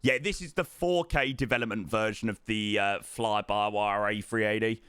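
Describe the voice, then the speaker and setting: A man's voice: fairly low pitch, normal speed, fairly bright tone, clean tone, no room sound, studio quality. A man, chatting casually to viewers during a flight sim stream, greeting them by name and repeating words. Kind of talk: casual live-stream chat.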